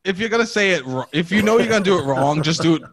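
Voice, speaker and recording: A man from New York with a high voice that swings widely jokes on a podcast. He curses and laughs his way through the banter, while chatter is heard behind him. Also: racing. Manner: animated, profane, laughing banter. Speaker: podcast guest. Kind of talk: casual chat.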